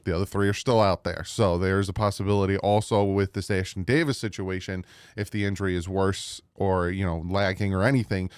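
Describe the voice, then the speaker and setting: A man with a New Jersey accent talks through team news in a loose, rambling way, restarting his sentences as he goes. His voice sits very low and comes across smooth and clean. The recording is dry and close, with no room sound. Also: fairly even intonation, a little fast, no echo. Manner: rambling, restarts, mild frustration. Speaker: sports channel host. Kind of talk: casual commentary to viewers.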